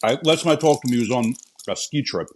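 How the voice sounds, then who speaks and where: A man's voice: mid-range voice, slight background noise. A man co-hosting a podcast in casual chat, throwing in wisecracks and dry jabs. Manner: wisecracking, quick with deadpan jabs. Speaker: podcast co-host.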